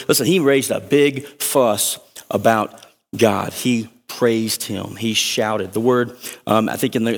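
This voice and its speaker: A man preaching a sermon as a pastor, energetic and conversational, with jokes and asides to the congregation. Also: medium pitch. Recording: long reverb of a large hall.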